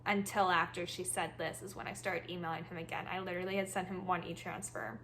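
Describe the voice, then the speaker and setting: A woman hosting a storytime podcast, telling her tale in an animated, exasperated way. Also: lowish voice, quick pace, a little hiss or hum. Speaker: podcast host.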